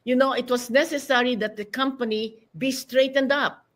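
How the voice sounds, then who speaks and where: A woman's voice: high-pitched, normal speed. Older Filipina woman telling a story. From Philippines. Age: 80s. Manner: animated storyteller who acts out quotes. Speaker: guest. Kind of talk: interview storytelling.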